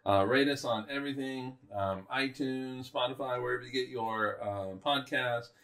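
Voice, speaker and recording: A man co-hosting a podcast in casual chat, easygoing and halting with ums. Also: mid-range voice, a bit bright, reverberant. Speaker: podcast co-host.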